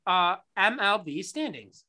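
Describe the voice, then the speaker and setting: A man's voice: high voice, sing-song, unhurried, crowd noise. A man in his thirties co-hosting a podcast, ranting sarcastically and swearing through casual sports chat. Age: 30s. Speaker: podcast co-host.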